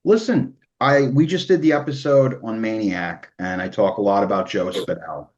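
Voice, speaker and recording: A man's voice: lowish voice, moderate pace. New guy hosting his podcast, worked up, cussing, kinda lo-fi sound. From New York. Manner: emotional, swears freely, animated storytelling. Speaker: podcast host. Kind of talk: casual interview chat.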